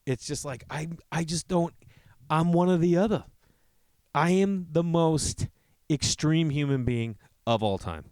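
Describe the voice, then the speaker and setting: A man's voice: a little slow, clear, resonant tone, no room sound. A man hosting a podcast, telling rambling comedic stories with lots of swearing and acting out other people's lines. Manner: animated, profane, acts out quotes in a higher voice. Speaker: podcast host.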